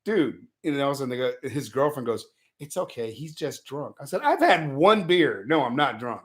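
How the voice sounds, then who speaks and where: A man's voice: medium pitch, brisk. A man on a radio show telling a bar story, laughing often and acting out the people in it. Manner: laughs through his stories, acts out the people in them. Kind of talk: casual storytelling.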